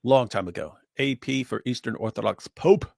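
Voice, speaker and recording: A man's voice: medium pitch, moderate pace, vocal fry, darkish tone, slightly rough, no echo. A man with a mid-range voice trades wry, teasing remarks as co-host of a casual livestream. His voice is recorded close and dry.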